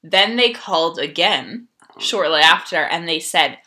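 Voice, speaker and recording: Bright-voiced woman podcast co-host. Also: fairly low pitch, takes it slowly. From United States. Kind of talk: casual chat.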